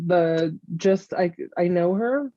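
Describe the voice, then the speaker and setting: A woman guest in an interview, recounting events in a candid, halting way with frequent restarts. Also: fairly low pitch, lively intonation, warm tone, dry recording. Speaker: guest, mother of the subject. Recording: muffled lo-fi recording.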